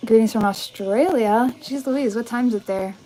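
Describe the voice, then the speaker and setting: Young woman, casual live Q&A host, upbeat and chatty, slightly high voice, phone mic, faint music behind. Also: moderate pace, mellow, poor audio. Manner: chatty, upbeat, many likes and ums. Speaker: vintage fashion YouTuber. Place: bedroom with vanity.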